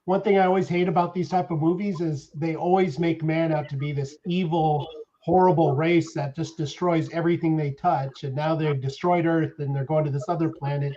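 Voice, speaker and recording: A man's voice: on the high side, fairly even intonation, moderate pace, mellow. A man co-hosting a casual podcast, rambling earnestly through his opinions. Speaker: podcast co-host. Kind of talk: casual political chat. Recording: dull lo-fi sound with faint hiss.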